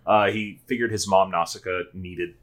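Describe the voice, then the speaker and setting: Man, lowish voice, podcast co-host, relaxed, agrees and adds hesitant comments. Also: moderate pace. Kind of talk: casual book club discussion.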